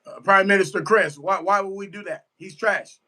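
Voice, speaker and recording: With a high-sitting voice, a sharp tone and a normal speaking speed, this sports fan streamer reacts live to a football game. He keeps it casual, emphatic and repetitive, replying to his chat as he goes.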